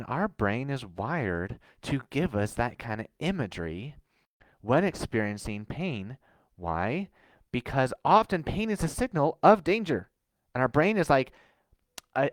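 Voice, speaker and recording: An earnest man coaching his listeners through a recorded live stream, with a reassuring tone. His voice is lively and rises and falls a lot. The sound is dry and close. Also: mid-range voice, no echo. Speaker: host.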